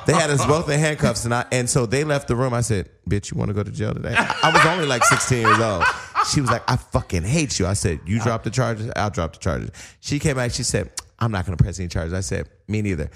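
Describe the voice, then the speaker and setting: A man telling profane, animated stories in a casual podcast chat, acting out the quotes. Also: on the low side, fast talker, few pauses, a little hiss or hum. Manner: animated, profane storyteller who acts out quotes. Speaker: podcast co-host.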